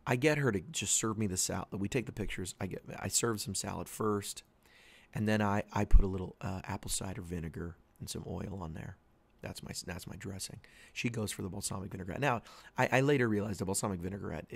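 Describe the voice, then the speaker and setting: A man in his thirties hosting a podcast, telling a rambling story and quoting his wife in a higher, louder voice. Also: creaky, breathy edge, no echo. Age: 30s. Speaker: podcast host. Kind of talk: casual monologue.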